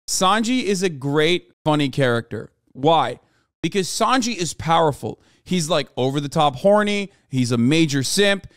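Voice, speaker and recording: A man streaming live, ranting casually to his chat, animated and exasperated, with heavy swearing. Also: fairly high pitch, dry recording, studio quality.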